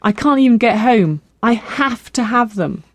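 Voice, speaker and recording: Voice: mid-range voice, moderate pace, darkish tone, dry recording, studio quality, lightly acted. A reader voicing a frightened, pleading young woman. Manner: pleading, breathless.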